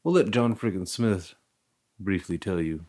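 A man's voice: low voice, a little slow, a little mellow. A young man hosting a casual podcast chat, rambling, laughing often and swearing freely. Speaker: podcast host.

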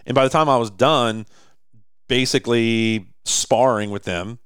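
Rambling man telling a story, smooth voice. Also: medium pitch, unhurried, dry recording, clean studio sound. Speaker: podcast co-host. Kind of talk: casual chat. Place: indoor office or shop.

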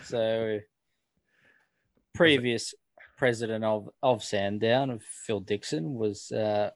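A man's voice: on the low side, takes it slowly, no room sound. An Australian man co-hosting a podcast in casual chat, laid-back and hesitant. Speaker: podcast co-host.

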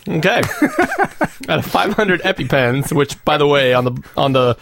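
A man's voice: fairly high pitch, very animated, measured pace, vocal fry, background noise. A man co-hosting a casual podcast, jokey and upbeat, reading listener feedback. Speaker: podcast co-host. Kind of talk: casual chat.

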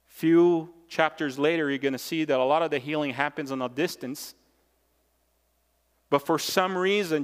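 A man's voice: a little high, fairly bright tone. A male pastor delivering a sermon with emphatic, repeated phrases. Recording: long reverb of a large hall.

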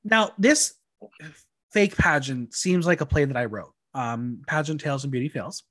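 A man co-hosting a casual recap podcast, animated and chatty, often mimicking voices as he reads quotes. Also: fairly high pitch, normal speed, no echo. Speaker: podcast co-host.

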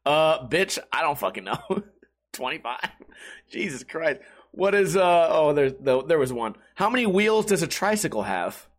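A man's voice: on the high side, big pitch swings, moderate pace. A young man chatting casually to his viewers, laid-back and jokey, swearing often and calling people dude. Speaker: YouTuber. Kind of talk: casual rambling chat to viewers.

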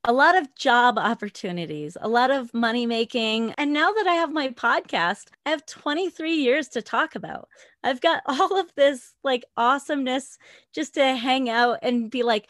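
Interview guest, woman in her forties, high voice, dry close sound, loud animated storyteller who laughs a lot. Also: normal speed, dry recording. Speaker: guest, former dancer with a podcast.

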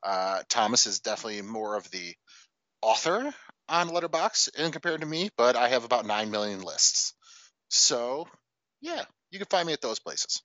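Lively, bright-voiced male podcast co-host. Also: medium pitch, moderate pace, no echo, dull audio. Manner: playful and wry. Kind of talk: casual chat.

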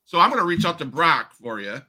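A man's voice: fairly high pitch, big pitch swings, a little fast, bright, forceful tone. A man hosting a wrestling podcast, asking long rambling questions and stirring up rivalries. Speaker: podcast host. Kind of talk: podcast interview.

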